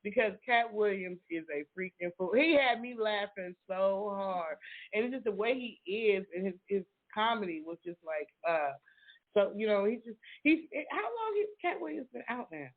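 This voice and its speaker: A woman with a Southern American accent co-hosting a casual chat, animated and quick to laugh. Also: mid-range voice. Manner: animated, chatty, laughs often. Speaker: co-host. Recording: tinny phone-like line.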